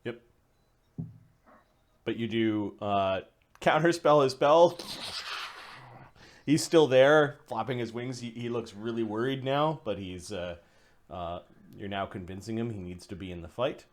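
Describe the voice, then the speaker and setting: A man acting as game master, describing monster actions in a relaxed way with many fillers. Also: lowish voice, moderate pace, long pauses. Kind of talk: running a tabletop game.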